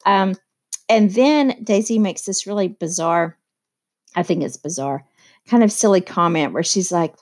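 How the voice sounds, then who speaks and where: A woman's voice: mid-range voice, animated, normal speed, darkish tone. A woman teacher explaining a novel in a casual, conversational way, with many fillers and asides. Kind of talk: casual literature lesson.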